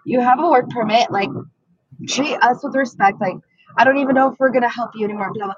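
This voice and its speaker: A woman's voice: fairly high pitch, fast talker, breathy edge, dry recording, muffled recording. A woman co-hosting a podcast, telling a story in casual chat and swearing a lot as she acts out the people in it. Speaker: podcast co-host.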